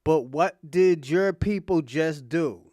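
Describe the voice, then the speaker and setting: A man with a notably high voice rants bluntly and crudely, mocking as he reacts. His sound is dry and close to the mic. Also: slow pace, warm tone, no room sound. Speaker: host. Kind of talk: profane reaction commentary.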